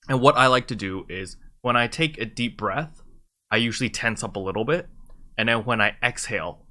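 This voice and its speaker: Guy with a lowish but bright voice just chatting, loose and explanatory, lots of ums. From lives in China. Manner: relaxed, explanatory, frequent fillers. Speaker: YouTuber giving advice. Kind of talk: casual advice talk to camera.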